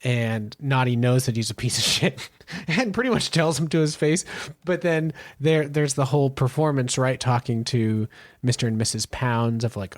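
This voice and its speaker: A man's voice: mid-range voice, a little slow, no echo. Laid-back man co-hosting a book podcast. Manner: laid-back, blunt, casual swearing. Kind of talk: casual book discussion.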